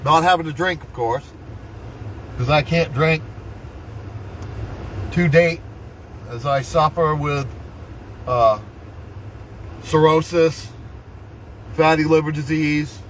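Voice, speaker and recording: A man's voice: fairly high pitch, fairly even intonation, slow pace, pauses often, highs cut off, slight background noise. An older man vlogging from inside a vehicle, telling his story in a heated, swearing rant and often asking "right?". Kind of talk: angry personal rant.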